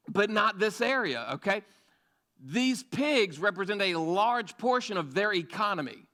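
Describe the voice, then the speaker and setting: A young preacher with a high, ringing voice talks to his youth group like a friend. He jumps between storytelling, quick jokes and acted-out lines, bright and energetic throughout. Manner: energetic, conversational, jokey asides and acted-out quotes. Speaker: youth pastor. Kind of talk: sermon.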